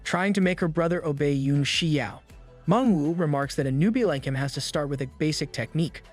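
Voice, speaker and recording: A man narrating a manga recap in a brisk scripted delivery, dropping slangy jokes between plot beats. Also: on the high side. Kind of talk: scripted narration with quick asides. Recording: voice-over over soft background music.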